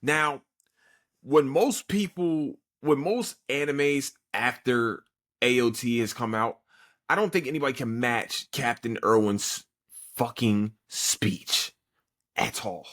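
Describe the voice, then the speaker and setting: A man's voice: mid-range voice, slow, a bit bright. A man hosting a podcast, giving a casual, profane, rambling recap of an anime episode with frequent restarts. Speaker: podcast host.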